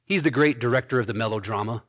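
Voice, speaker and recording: A man preaching an expository sermon, building to emphatic points with quick asides. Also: medium pitch. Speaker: pastor.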